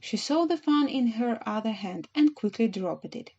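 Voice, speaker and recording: A woman narrating a children's storybook audiobook in a measured, gentle reading. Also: a little high, animated, slightly rough, highs cut off.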